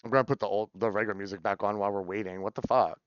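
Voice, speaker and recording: A man's voice: lowish voice, racing, clear, resonant tone, dry recording. Guy streamer chatting live, swears a lot, close dry mic, kinda dull lo-fi sound. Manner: excitable, swears, repeats words in runs. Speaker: variety streamer. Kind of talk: casual live stream chat.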